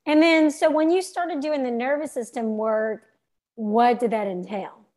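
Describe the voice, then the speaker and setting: A woman's voice: a little high, unhurried, a little mellow. A woman hosting a podcast in casual interview chat, chatty with stumbling restarts. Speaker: podcast host.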